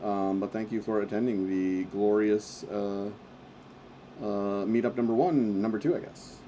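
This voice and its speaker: Low mellow-voiced man hosting a livestream. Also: a little hiss or hum. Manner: loose and rambling, frequent fillers and casual slang. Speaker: livestream meetup host. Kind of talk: casual livestream wrap-up chat.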